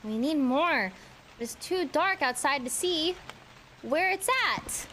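A woman streaming a horror game in casual chat, jumpy and quick to scream. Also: sits high, expressive, a bit bright, slight background noise. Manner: jumpy, prone to sudden screams.

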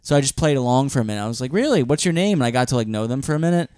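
A man's voice: medium pitch, rapid-fire, clear, resonant tone, dry recording. A man co-hosting a podcast, casually telling a story and acting out the quotes. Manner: animated storytelling, acts out quotes. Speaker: podcast co-host. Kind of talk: casual chat.

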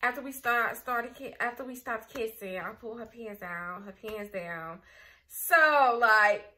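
Woman, young adult, vlogger, casual storytime, crisp bright tone, chatty and candid. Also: fairly high pitch, a little slow. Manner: candid, animated retelling with lots of filler words.

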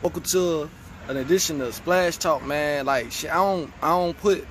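A man's voice: fairly high pitch, moderate pace, fairly bright tone, slight background noise. A young man hosting his own vlog, ranting casually to the camera in profane street slang. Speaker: vlog host. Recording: music playing under the voice.

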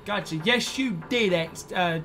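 A man's voice: sits high, a little slow, pushed and bright. A man chatting casually with viewers while live-streaming a video game, rambling and repeating himself. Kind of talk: live-stream gameplay chat.

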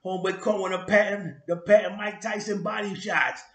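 A man with a New York accent tells a story on his own vlog in casual street slang. His voice sits high and sounds bright and forceful, dotted with loud bursts and sound effects. The room around him is echoey. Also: moderate pace. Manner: animated street slang with frequent "you know what I'm saying". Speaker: vlog host.

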